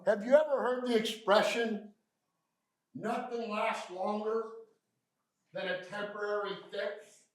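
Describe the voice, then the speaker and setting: A man with a Southern American accent running a lively training session, joking and quizzing his audience. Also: sits high, slow pace, long pauses. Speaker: refrigeration trainer. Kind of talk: lively live training talk. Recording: echoey room, mic at a distance.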